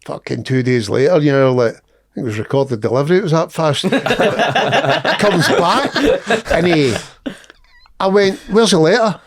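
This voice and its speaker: A man's voice: a little high, expressive, unhurried, husky. A middle-aged Scottish man, a guest comedian telling a rude anecdote on a podcast, swearing and laughing as he talks.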